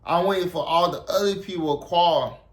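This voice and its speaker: A man's voice: high voice, a little fast. A young man from South Carolina, telling a story casually and rambling with lots of "like" and "you know". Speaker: storyteller, army veteran.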